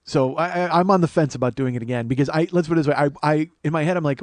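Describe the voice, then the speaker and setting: A man hosting a solo comedy podcast, rambling and self-mocking, swinging between loud outbursts and mumbled asides. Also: fairly high pitch, racing. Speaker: podcast host.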